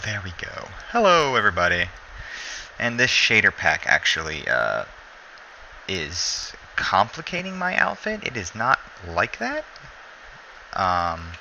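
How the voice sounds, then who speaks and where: A man's voice: low-pitched, slight background noise, poor audio. A sleepy man giving casual gameplay commentary, rambling and correcting himself as he plays. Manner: rambling, self-correcting, relaxed. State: sleepy, yawning.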